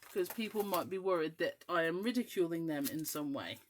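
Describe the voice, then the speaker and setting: A woman's voice: on the low side, animated, a little fast, slight background noise. A woman in her forties from the west of Scotland, with an English accent that keeps a faint Scottish twang. She hosts a crafting show and chats in a rambling way, full of ums, as she works. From west coast of Scotland. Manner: chatty, rambling, with frequent ums. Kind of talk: casual chat while crafting.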